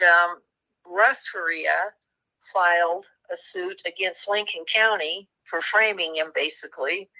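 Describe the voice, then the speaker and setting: Bright-voiced woman telling a true crime story. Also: on the low side, rough recording. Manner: earnest storytelling, moved at times. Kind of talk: interview conversation.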